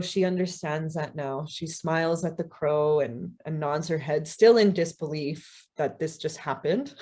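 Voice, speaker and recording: A woman's voice: deep voice, darkish tone. A woman guest speaker telling a story during a talk, casual and conversational with frequent "you know"s and light laughs.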